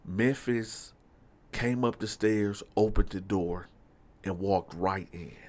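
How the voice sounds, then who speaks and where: This storyteller host speaks in a fairly low, slow voice as he recounts a true story from his past. His monologue is casual and animated, addressed directly to his audience and full of fillers.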